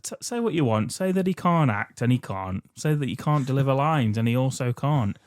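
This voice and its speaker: A man's voice: mid-range voice, lively intonation, a little fast, dry recording. A man with a mid-range voice walks through a film's plot as a podcast co-host. He is wry and crude and laughs often. The sound is dry and close, with no room around it. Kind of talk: casual chat recapping a film.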